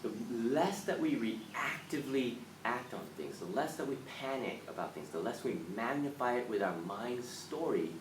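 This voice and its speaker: A man's voice: medium pitch, normal speed, few pauses. Man giving an earnest motivational live talk. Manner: earnest, animated, acts out panicked voices. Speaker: live stream host. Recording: roomy, from a distance, faint background noise.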